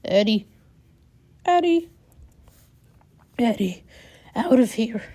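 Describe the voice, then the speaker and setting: A woman voicing a violent male attacker who yells curses, in a storybook reading. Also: fairly high pitch, wildly swooping pitch, extremely slow, vocal fry, husky, full character voice. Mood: shouting. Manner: yelling curses.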